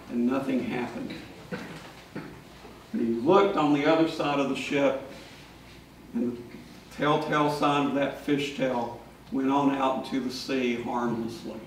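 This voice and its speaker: A priest, a man, tells his story from the pulpit at a slow, unhurried pace. He is picked up from far off in a large church, with a deep echo around his voice and a faint hum of room noise behind. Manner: storytelling, shouting out the lines of people in the story. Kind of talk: sermon.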